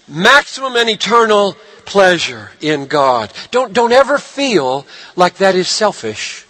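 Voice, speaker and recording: A man preaching a sermon, animated, swinging from hushed lines to shouted ones. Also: high-pitched, a little slow, hardly any pauses. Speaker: pastor.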